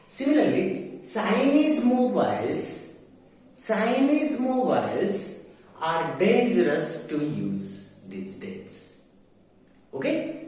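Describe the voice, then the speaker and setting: A male teacher explaining grammar deliberately, pausing often with hesitations. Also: high-pitched, warm tone. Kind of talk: grammar lecture. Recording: very echoey room, mic far off.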